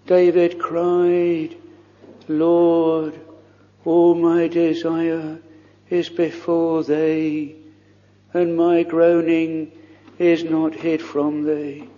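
A man prays aloud from the pulpit in old-fashioned formal phrasing, earnest and pleading, his words slow and held to a flat, even line. His tone is mellow and a little higher than most men's. The lo-fi recording carries the long reverb of a church hall. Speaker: minister leading prayer.

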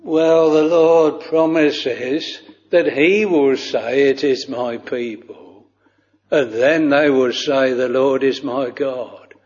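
A man preaching a sermon, slow and solemn, with old-fashioned scriptural phrasing, on a dull lo-fi recording. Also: medium pitch, darkish tone, in a large hall.

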